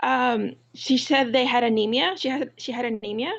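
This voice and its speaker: A woman caller from Texas, hesitant and full of ums, laughing softly. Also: fairly high pitch, normal speed, gravelly, lo-fi sound. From Houston, Texas.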